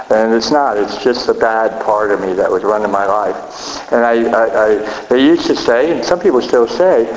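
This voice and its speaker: A man's voice: a little high, slight background noise. A middle-aged man giving a blunt, profane, self-mocking personal recovery share at a meeting. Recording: echoey hall, dull lo-fi sound.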